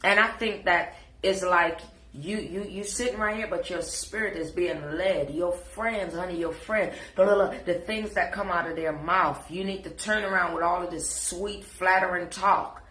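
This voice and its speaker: A woman's voice: on the low side, moderate pace, hardly any pauses, sharp tone, echoey room. A woman with a Jamaican accent, scolding and preaching in a sassy live reaction rant. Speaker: social media commentator.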